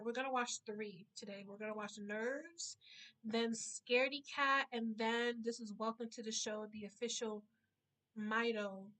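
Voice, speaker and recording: A woman's voice: on the high side, fairly bright tone. A woman hosting a reaction channel, chatting casually and gushing affectionately, talking straight to the artist. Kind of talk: casual reaction vlog chat.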